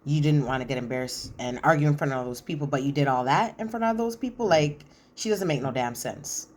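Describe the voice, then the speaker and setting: A woman with a low voice and a fairly quick pace gives a casual, opinionated recap of a reality show. She retells scenes in an animated way and drops slang asides.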